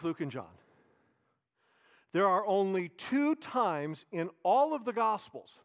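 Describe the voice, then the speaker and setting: Guy preaching a sermon, high voice, gets loud then goes real quiet, repeats himself a lot. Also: dull audio. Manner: animated preaching, repeats phrases, drops to soft asides. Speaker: pastor.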